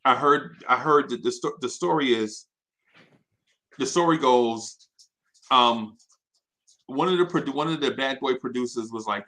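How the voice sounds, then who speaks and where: A man hosting a live show tells an energetic anecdote, restarting often and checking in with his audience by asking "right?" His mid-range voice moves at a measured pace with long pauses.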